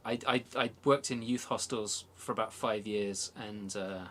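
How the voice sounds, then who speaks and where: A man's voice: on the low side, steady tone, unhurried, fairly bright tone. A man with an English Worcester accent hosting a casual chat on a video call, chatty and encouraging, stumbling over his words. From England. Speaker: host.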